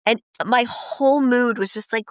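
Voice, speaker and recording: A woman with a fairly high voice hosts a casual podcast chat. She tells her stories with plenty of swearing and acts out what people said. The sound is dry and a little dull, like lo-fi podcast audio. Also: moderate pace, dry recording. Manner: profane, lively storyteller acting out quotes. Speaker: podcast host.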